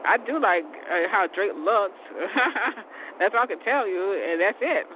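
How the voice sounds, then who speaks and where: A woman's voice: mid-range voice, lively intonation, slow. A woman in her forties chatting casually in a rambling, repetitive way, laughing often. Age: 40s. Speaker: vlogger. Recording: tinny phone-like sound, faint noise.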